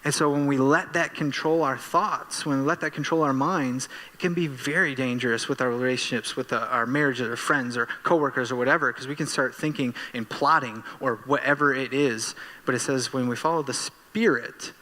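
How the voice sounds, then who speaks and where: A man preaching a church sermon as pastor, animated and self-deprecating, bursting into excitement while telling stories. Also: medium pitch, a little fast, in a large hall. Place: church sanctuary.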